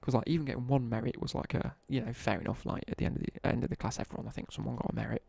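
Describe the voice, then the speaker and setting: A young man from the English Midlands tells rambling school stories in casual slang while streaming a game. His voice is heavily gravelly and rough, with a husky edge. The sound is dry and close. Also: medium pitch, steady tone, rapid-fire, a little mellow, dry recording. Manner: rambling slangy storytelling, chatting to viewers. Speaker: live streamer. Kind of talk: casual chat while gaming.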